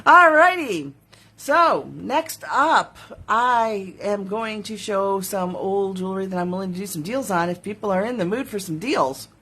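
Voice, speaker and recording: A woman with a slightly husky, mid-pitched voice hosts a casual live stream from her studio. She shows off jewelry she makes, chats easily and giggles as she reads viewer comments aloud. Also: animated, unhurried, pushed and bright. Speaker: jewelry maker hosting a live sales stream. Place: home studio.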